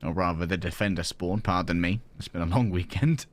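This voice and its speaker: A man's voice: low voice, a little fast. A young English man doing play-by-play esports commentary with jokey, playful asides. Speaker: esports caster.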